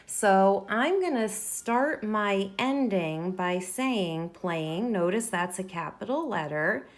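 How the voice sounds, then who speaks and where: A woman's voice: medium pitch, expressive. A woman teacher modeling a writing lesson for young students, talking through each step as she writes and sounding words out. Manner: slow, deliberate, sounding words out while writing.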